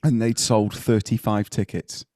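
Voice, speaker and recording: A man's voice: fairly low pitch, little pitch movement, measured pace, darkish tone, no room sound, studio quality. Laughing man telling stories. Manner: laughing storyteller. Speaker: podcast co-host. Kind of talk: casual chat.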